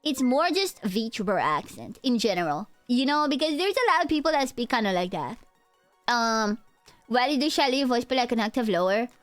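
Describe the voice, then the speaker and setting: A woman's voice: fairly high pitch, very animated, moderate pace, no room sound, soft background music. A young woman VTuber streamer chatting casually and playfully with her chat on a close mic. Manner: playful, joking, talks to chat.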